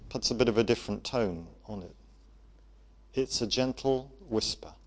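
A man preaching a sermon to a congregation, gentle in manner, often dropping to a soft voice for emphasis. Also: medium pitch, normal speed. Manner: gentle, varies loudness for emphasis, drops to soft tones.

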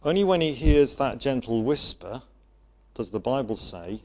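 A man preaching a sermon to a congregation, gentle in manner, often dropping to a soft voice for emphasis. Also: mid-range voice, expressive, normal speed. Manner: gentle, varies loudness for emphasis, drops to soft tones.

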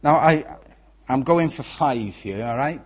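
A man's voice: mid-range voice, lively intonation, measured pace, slightly rough. A man with a Welsh accent preaching a sermon in a conversational way, often checking in with the congregation. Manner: conversational, checks in with "yeah?" and "right?".

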